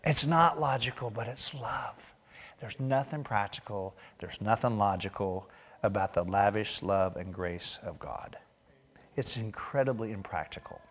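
A man's voice: lowish voice, unhurried, slightly rough. A male pastor preaching a sermon in a church, talking conversationally and tossing joking asides to the congregation.

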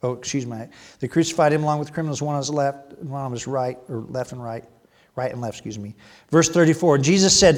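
A man preaching a sermon, animated, rising loud on emphasis and dropping to hushed asides. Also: mid-range voice, fast talker. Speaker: pastor.

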